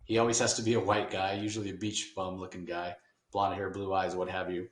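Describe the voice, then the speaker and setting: Man, low voice, loose rambling comic recap, roomy echo. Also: little pitch movement, brisk. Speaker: podcast host. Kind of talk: casual comic book discussion.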